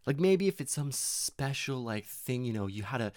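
A man's voice: medium pitch, lively intonation, normal speed, a little mellow, no room sound. A young man rambling casually and profanely in a self-deprecating monologue, full of fillers and restarts.

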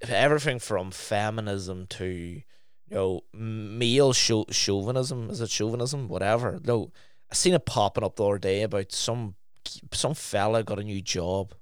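A man's voice: fairly low pitch, clear, resonant tone, dry recording, clean studio sound. A young man, chatting as a podcast co-host and telling stories animatedly, with a lot of swearing. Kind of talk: casual chat.

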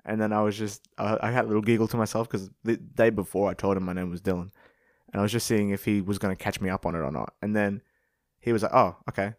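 Low-voiced guy, dry close sound. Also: fairly even intonation, fast talker, no echo. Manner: giggly, teasing, sweary. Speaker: podcast co-host. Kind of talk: casual chat.

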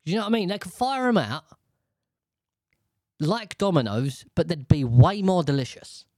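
A man chats casually with a co-host, wandering from point to point with lots of energy. He keeps dropping into quick impressions. The recording is dry and close, with no room echo. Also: on the high side. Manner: rambling, animated, breaks into voices. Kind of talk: casual chat.

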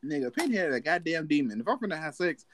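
A man hosting a casual podcast chat, animated and profane, laughing often. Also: on the high side, fast, a little hiss or hum. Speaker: podcast host.

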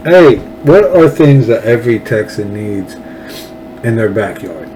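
A man's voice: lowish voice, lively intonation, measured pace, background noise. A man hosting a political podcast, rambling and sarcastic, with many fillers and restarts.

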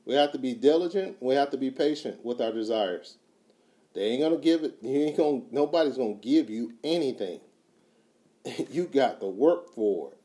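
A man giving a motivational talk, emphatic and repetitive, swinging from quiet to loud. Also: medium pitch, animated, normal speed. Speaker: motivational speaker.

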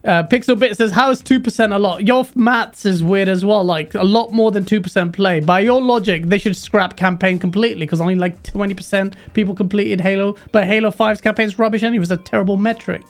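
A man's voice: high-pitched, fairly even intonation, fairly quick, hardly any pauses. A man hosts a laid-back gaming live stream. He reads viewer super chats aloud and turns to his guests with questions. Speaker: stream host. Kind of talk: casual live-stream chat.

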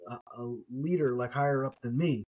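A man's voice: mid-range voice, fairly quick, a little mellow, slightly rough, rough recording. A man in a Bible study podcast tells a story in a casual, conversational way. He presses his point with rhetorical question after rhetorical question. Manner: conversational, telling an anecdote with repeated rhetorical questions. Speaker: biblical scholar co-host.

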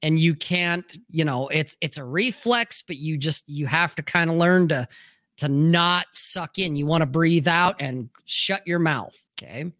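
A man's voice: a little high, a little slow, fairly bright tone, no echo, clean studio sound. A man co-hosting a casual chat show, telling a rambling, profane story. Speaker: co-host.

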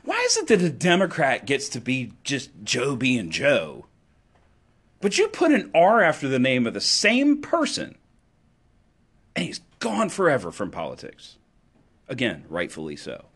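A man delivering an impassioned political monologue, emphatic and sarcastic, swinging between loud declarations and low asides. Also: wildly swooping pitch, unhurried, husky. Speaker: political commentator.

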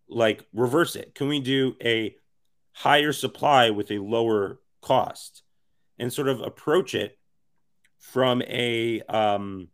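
A man with a raspy, hoarse voice talks as an interview guest, rambling with lots of fillers and restarts. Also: mid-range voice. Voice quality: raspy, worn voice. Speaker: interview guest, NFT project co-founder. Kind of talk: casual podcast interview.

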